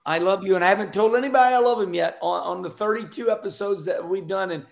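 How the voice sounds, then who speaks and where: A man's voice: sits high, fast, gravelly. A man hosting a casual interview, emotional and effusive, asking long rambling questions of his guest. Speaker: podcast host, former race driver.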